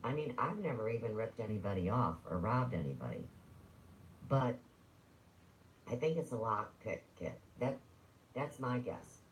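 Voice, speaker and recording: A man's voice: on the low side, very animated, moderate pace, long pauses, slight background noise, poor audio. A man ranting on a livestream, rambling, sarcastic and full of swearing.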